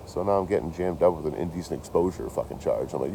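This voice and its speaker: A man's voice: deep voice, animated, fast talker, creaky, warm tone, a little hiss or hum. A young man telling a rambling story outdoors near his camp, swearing and laughing often. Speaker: vlogger. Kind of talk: casual storytelling.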